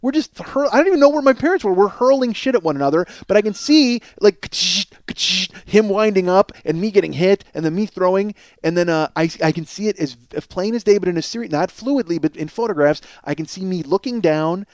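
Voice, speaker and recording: A man's voice: sits high, brisk, few pauses, no room sound. Rambling, profane man from Chicago. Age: 40s. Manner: rambling, profane, animated when worked up. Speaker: comedy podcast host. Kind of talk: casual comedic storytelling.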